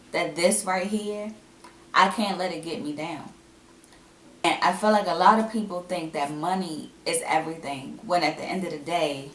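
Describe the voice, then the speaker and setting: Young woman vlogging at home, talks real candid and animated, low-ish voice, faint room hum. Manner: candid, chatty, animated storytelling. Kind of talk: casual vlog talk to camera. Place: at home indoors. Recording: echoey room, mic at a distance.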